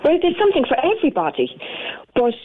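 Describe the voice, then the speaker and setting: A woman's voice: high voice, wildly swooping pitch, fast talker. Irish woman florist on a tinny phone line. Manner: chatty, warm storytelling with many fillers. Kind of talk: casual radio phone interview. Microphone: telephone.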